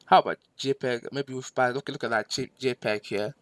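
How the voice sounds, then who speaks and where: A man teaching a screen-recorded software lesson, patient and step by step, repeating himself with fillers. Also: medium pitch, fairly even intonation, brisk, no room sound. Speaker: instructor.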